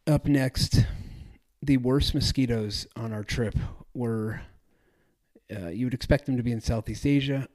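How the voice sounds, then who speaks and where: A man's voice: medium pitch, measured pace, darkish tone. A man hosting a travel podcast, chatting casually in a rambling, self-correcting way. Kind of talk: casual solo podcast talk.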